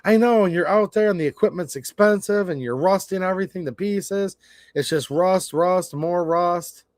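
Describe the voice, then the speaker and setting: Brief: man in his forties, high voice, dry close sound, casual livestream rant, stammers and rambles. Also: brisk, darkish tone, no room sound. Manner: rambling, stammering, frustrated and blunt. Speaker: livestream host.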